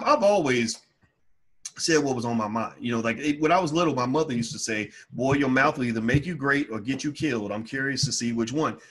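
Husky man telling an emphatic personal story. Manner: emphatic, rises loud and high when heated. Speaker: financial educator.

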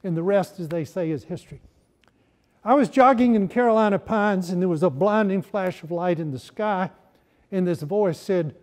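A man's voice: high-pitched, normal speed, darkish tone. A man, a historian, giving a campus lecture in a humorous storytelling manner with wry asides.

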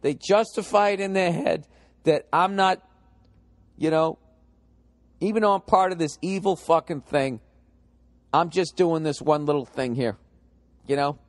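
Profane ranting man, higher voice. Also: a little slow, pauses often, no echo. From United States. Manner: profane, ranting, animated storytelling. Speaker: podcast host. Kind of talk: comic podcast monologue.

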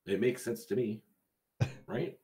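A man's voice: on the low side, fairly even intonation, slow, warm tone, slight background noise. A man streaming a game live, bantering with chat in a crude, joking way.

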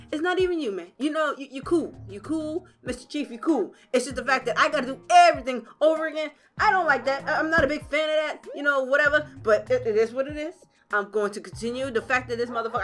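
A woman gaming YouTuber doing let's play commentary, profane and excitable, yelling at the game. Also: fairly high pitch.

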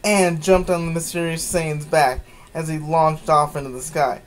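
Here a comedic reader gives fan fiction a dramatic, mocking treatment, stopping for disbelieving asides along with sighs and laughs. His voice is a little high and steady, at a normal speed. The recording is rough, with a bit of hiss or hum.

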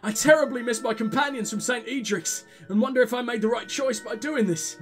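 A man's voice: extremely high pitch, fairly quick, a bit bright, faint music behind. A man voicing a humble young male monk reading his diary aloud, weary and earnest.

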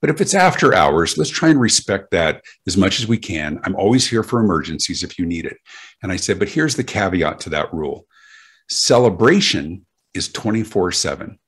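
This guest speaker on customer service has a low, expressive voice that's a bit bright with a breathy edge, and he talks at a moderate pace. Answering interview questions, he stays emphatic, tells plenty of stories, and keeps restarting words.

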